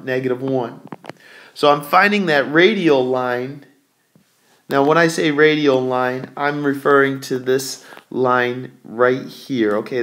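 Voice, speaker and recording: A man teaching a recorded math lesson, thinking aloud as he draws and correcting himself along the way. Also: mid-range voice.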